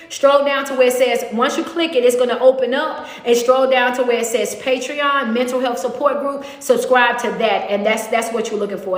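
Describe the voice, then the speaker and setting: A woman motivational speaker, talking casually on a livestream, animated and preachy, breaking into high excited bursts. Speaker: motivational speaker and life coach. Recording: echoey room with long reverb.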